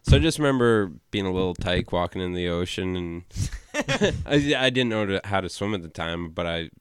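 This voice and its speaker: Man, halting storyteller, deep voice, dry close sound. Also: expressive, smooth, dry recording. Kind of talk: casual chat.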